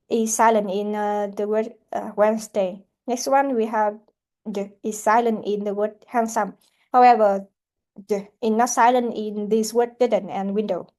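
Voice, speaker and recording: A woman English teacher going through an answer key in a halting way, with frequent restarts. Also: a little high, a little mellow. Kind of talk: classroom answer-key walkthrough.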